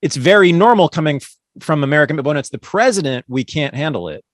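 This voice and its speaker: A man's voice: a little high, expressive, fast, no echo, clean studio sound. A man hosting a podcast, making earnest, opinionated points in a casual interview chat. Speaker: podcast host.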